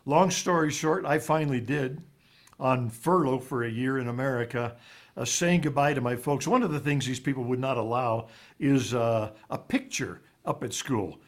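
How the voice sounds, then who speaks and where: An author raised in Ivory Coast tells a personal story during an interview, speaking haltingly and often repeating words. On the painful parts, his voice drops low and quiet.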